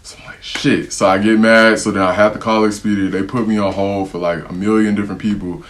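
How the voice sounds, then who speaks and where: Deep-voiced young American man storytelling. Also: quick pace, slight background noise. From United States. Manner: animated, slangy, acts out what others said. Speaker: vlogger telling a travel story. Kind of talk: casual storytelling to camera.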